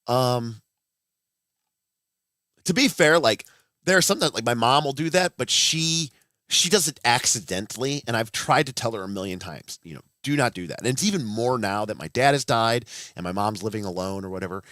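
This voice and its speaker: A man's voice: mid-range voice, animated, moderate pace, sharp tone, dry recording, studio quality. A man in his thirties hosting a casual livestream, rambling with blunt, profane asides and frequent restarts. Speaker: livestream host.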